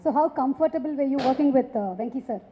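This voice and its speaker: A woman's voice: high voice, fast, a little hiss or hum. A woman hosting a film launch event, prompting her guests with questions. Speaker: event host. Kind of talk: interviewing guests. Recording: muffled phone-like sound.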